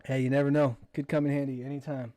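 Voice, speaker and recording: A man's voice: medium pitch, level tone, fast, warm tone. A man hosting a casual livestream, reading viewer comments aloud and answering them in an easygoing way. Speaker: livestream host.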